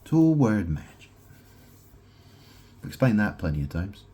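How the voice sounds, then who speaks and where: At home in his house, a man vlogs alone in a meandering monologue full of wordplay, frequently asking "right?" He speaks at a moderate pace in a lowish, warm, husky voice with big pitch swings.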